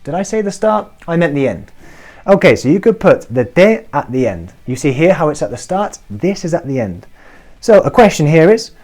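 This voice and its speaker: A man teaching a beginner Spanish lesson to camera, checking in often with "okay?" and slowing down to model each Spanish form. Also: a little high, darkish tone. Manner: encouraging, checks in with frequent "okay?". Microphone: talking to camera.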